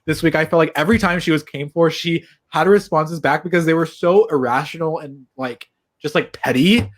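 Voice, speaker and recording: A man's voice: on the high side, brisk. A man co-hosting a podcast, chatting enthusiastically and giving strong opinions on reality TV. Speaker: podcast co-host. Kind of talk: casual chat.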